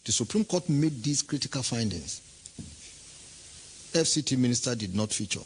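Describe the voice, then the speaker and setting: A man's voice: medium pitch, lively intonation, moderate pace, a little hiss or hum, poor audio. A man giving an impassioned political statement, emphatic and full of rhetorical questions.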